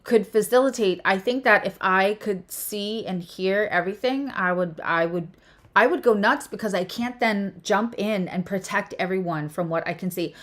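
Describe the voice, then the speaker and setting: Animated woman astrologer chatting. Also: mid-range voice, normal speed. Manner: animated and emphatic, restarts phrases. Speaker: astrologer and tarot reader hosting a conversation. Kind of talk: casual spiritual chat.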